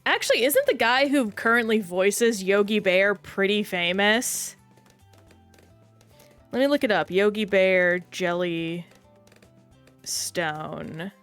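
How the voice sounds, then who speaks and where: A woman's voice: mid-range voice, animated, takes it slowly, long pauses, a bit bright, soft background music. A woman streaming a game, chatting casually and rambling while reacting to play and chat.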